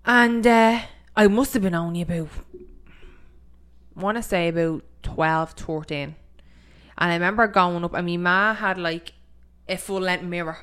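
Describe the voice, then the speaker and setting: A woman's voice: on the low side, a little slow, clean tone. A young woman with an Irish accent, co-hosting a podcast and telling a ghost story in casual chat, acting out the voices and saying "like" a lot. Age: young adult. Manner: animated storytelling, acts out voices, heavy 'like' filler. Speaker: podcast co-host.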